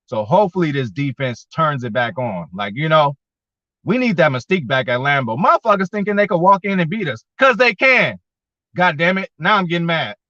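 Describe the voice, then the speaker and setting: A man's voice: on the high side, sharp tone, no echo. A man hosting a casual sports fan show, talking with viewers in a slangy, profane way and getting worked up as he goes. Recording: dull lo-fi.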